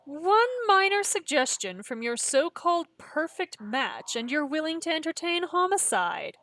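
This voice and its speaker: A woman voicing a young girlfriend turned cold and sinister, speaking calmly with a sweet menace. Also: high-pitched, a little slow, dry recording, voice pushed up, exaggerated voice, rough recording.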